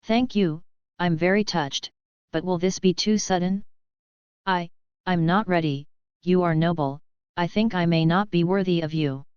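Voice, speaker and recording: A woman's voice: on the low side, unhurried, long pauses, darkish tone, clear, resonant tone, no echo, natural voice. A woman reading the part of a shy, flustered young woman student who talks hesitantly and apologetically. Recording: dull lo-fi, dry.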